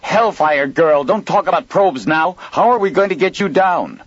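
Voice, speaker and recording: A man voicing a gruff older male colony commander who swears in outbursts. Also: on the high side, lively intonation, moderate pace, dry recording, dull audio, voice pushed up. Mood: exasperated.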